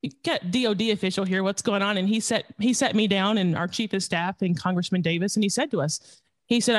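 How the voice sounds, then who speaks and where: Animated storytelling man, dry sound. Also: high voice, a little fast, dry recording. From Tennessee. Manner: animated anecdote teller who acts out quotes. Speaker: podcast guest, former congressional staffer. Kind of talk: casual storytelling interview.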